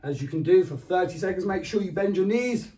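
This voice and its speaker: An expressive primary school PE teacher with an English accent and a dark voice speaks a little fast while leading little ones through PE at home. He counts down, encourages and frequently praises them, adding roars, squeaks and animal noises. Slight background noise, an echoey room and a far-off mic mark the recording.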